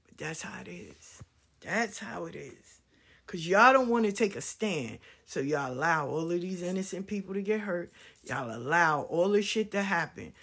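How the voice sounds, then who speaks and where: A woman's voice: medium pitch, animated, normal speed, fairly bright tone, husky. A woman in her fifties telling an impassioned personal story, blunt, profane and fiery.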